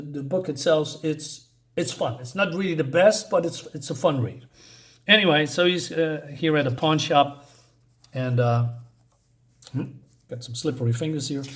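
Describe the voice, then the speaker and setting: Man, comic book reviewer, casual chat, hesitant, many fillers, fairly high voice.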